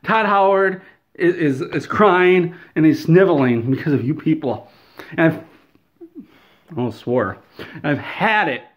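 A man's voice: a little high, measured pace, pauses often, lo-fi sound. A man delivering a satirical, mock-outraged rant in an exaggerated, whiny way. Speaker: comedy video creator.

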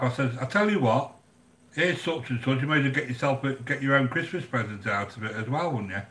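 A man's voice: mid-range voice, lively intonation, normal speed, long pauses, a bit bright, reverberant. An older English man hosting a live cooking channel, chatting casually and bluntly with viewers, grumbling and joking as he goes. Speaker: livestream cooking channel host.

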